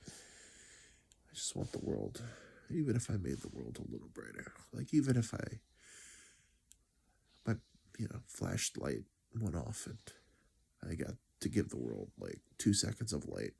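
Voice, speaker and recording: A man's voice: a bass voice, huge pitch swings, a little slow, creaky, long pauses, mellow, husky. A grieving man telling a personal story in a reflective, rambling way, sighing and dropping to near-whispers. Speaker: vlogger.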